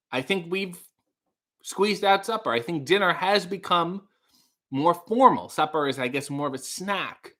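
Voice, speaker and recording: A man hosting a casual comedy livestream, reading viewer comments aloud with excitable, rambling asides. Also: on the high side.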